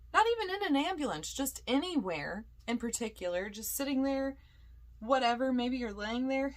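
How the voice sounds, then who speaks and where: A young woman, a podcast host and paranormal investigator, telling a ghost story in a loose, chatty way with lots of fillers and acted-out quotes. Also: medium pitch. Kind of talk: casual storytelling.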